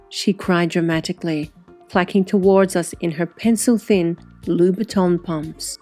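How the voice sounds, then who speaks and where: A woman with a low voice narrates an audiobook, her first-person telling laced with catty sarcasm. Soft music plays faintly underneath. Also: measured pace.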